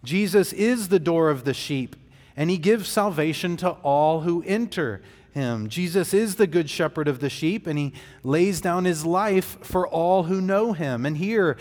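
A man preaching a sermon as pastor, measured and deliberate, with fillers and restarts. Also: on the high side, expressive, darkish tone. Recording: long hall reverb.

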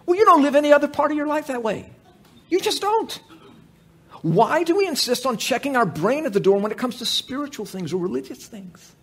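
Male pastor, high husky voice, very lively pitch, conversational sermon with jokes. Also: brisk. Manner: conversational and animated, with frequent restarts and humorous asides.

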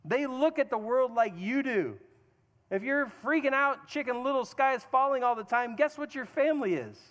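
High-voiced preacher man in a reverberant hall. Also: normal speed, fairly bright tone. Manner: earnest, self-deprecating, with mock-voiced asides. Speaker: pastor. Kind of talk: sermon.

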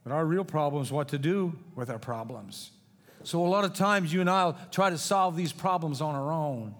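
Middle-aged man, folksy pastor preaching with jokes; higher voice, long reverb of a church hall. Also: moderate pace. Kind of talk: sermon.

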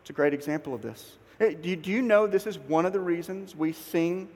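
A man with a notably high voice preaches to his congregation, jumping into little acted-out conversations with himself. The sound carries a long reverb, as if from a large church hall. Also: brisk. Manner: animated, acts out both sides of an inner dialogue. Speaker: pastor. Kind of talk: sermon.

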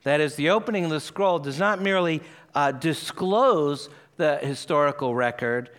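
A man's voice: fairly high pitch, moderate pace, fairly bright tone. A man preaching an expository sermon, explaining the passage and reading scripture aloud with earnest emphasis.

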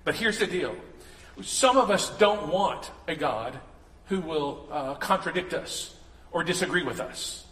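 A man's voice: fairly high pitch, lively intonation, measured pace, bright, forceful tone. A man preaching a sermon in a casual, joking way, acting out the voices he quotes. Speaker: pastor. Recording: echoey hall, long reverb.

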